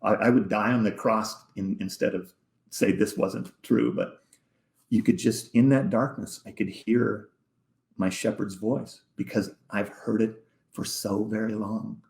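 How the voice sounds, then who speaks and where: Gravelly-voiced man telling a heartfelt story. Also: on the low side, fairly even intonation, darkish tone. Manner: halting, repeats words, drops to near-whisper. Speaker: podcast guest. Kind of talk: emotional personal storytelling in a podcast interview. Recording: echoey room.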